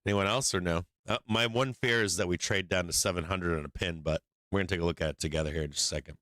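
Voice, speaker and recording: Low, bright-toned man on a market stream. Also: fast talker, dry recording. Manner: rambling, restarts often, drifts off mic while working screens; casual and profane. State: has the hiccups. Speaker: stock market livestream host. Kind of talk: casual live market commentary.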